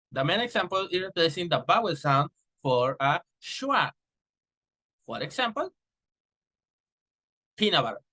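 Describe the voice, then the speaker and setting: A young man whose first language is Spanish presents a class lesson on pronunciation. His voice sits a little high and sounds bright and forward. He stretches his example words out slowly and restarts his sentences now and then. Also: poor audio. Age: young adult. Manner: explains with slow drawn-out example words, restarts and fillers. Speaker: student presenter. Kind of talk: recorded class presentation on phonetics.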